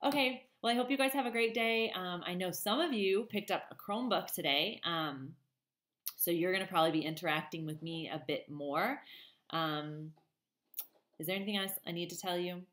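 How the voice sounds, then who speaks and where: Low-voiced teacher reading aloud. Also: female voice, moderate pace, reverberant. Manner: warm, chatty, many ums. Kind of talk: reading a children's novel aloud and chatting to students.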